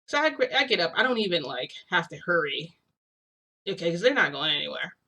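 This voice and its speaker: A young woman tells a long personal story in a loose, chatty vlog style. Her voice is bright and forceful. She keeps filling with "like" and restarting her sentences as she goes. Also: on the low side, sing-song, a little fast, breathy edge. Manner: rambling, heavy use of "like", frequent restarts. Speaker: vlogger. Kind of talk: casual storytelling.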